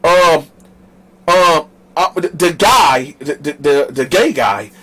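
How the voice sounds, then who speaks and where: A man from the northern United States, the host, telling a story in a casual, animated, slangy way straight to his viewers. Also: fairly high pitch, slow pace, rough recording.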